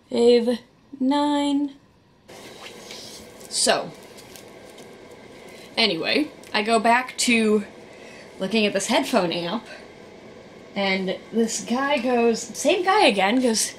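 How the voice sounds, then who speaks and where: A woman vlogging, telling a rambling story in a casual, animated way with sarcastic asides. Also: a little high, slow pace, long pauses, a little hiss or hum. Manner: animated, sarcastic asides, quotes people in voices.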